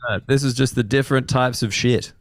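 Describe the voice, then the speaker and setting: A man's voice: medium pitch, fairly even intonation, fast talker, a loud crowd. A man with an Australian accent co-hosting a podcast, quizzing his co-host with jokes and plenty of swearing. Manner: joking, profane, quizzing. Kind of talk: casual comedic chat.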